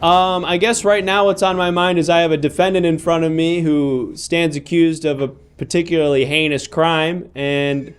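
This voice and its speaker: A man's voice: fairly high pitch, little pitch movement, clear, resonant tone, lightly acted. A man playing an exasperated trial judge. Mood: frustrated. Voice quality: measured, questioning, exasperated. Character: exasperated male judge presiding over a trial. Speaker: improv performer playing a judge. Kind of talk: improv comedy role-play.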